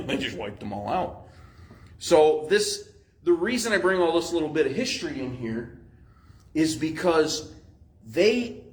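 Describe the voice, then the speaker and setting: A man's voice: on the high side, rough recording. A man pastor, teaching a Bible study in a conversational, explanatory way with frequent fillers.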